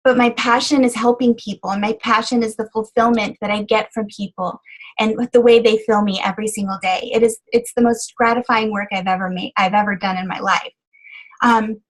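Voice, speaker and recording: A woman's voice: a little high, steady tone, brisk, low-quality recording. A middle-aged woman health coach sharing her story on a call, earnest and choked up, with many fillers. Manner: earnest, emotional, frequent fillers. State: tearful, choked up. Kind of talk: motivational testimonial on a conference call. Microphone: phone call.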